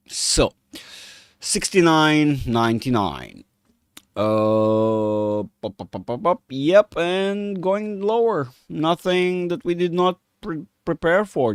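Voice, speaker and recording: A man talks loosely through stock charts in a dry, close-miked recording, mid-pitched and unhurried. He rambles, stumbles over his words and jokes with his viewers as he goes. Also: no echo. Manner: rambling, self-mocking, chats with viewers. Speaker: market analyst streamer. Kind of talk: casual live chart commentary.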